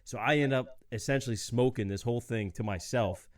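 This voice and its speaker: A man's voice: mid-range voice, a little fast, no echo, studio quality. A young adult man hosting a podcast, telling stories in a laid-back way, swearing freely and laughing often. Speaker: podcast host. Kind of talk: casual storytelling chat.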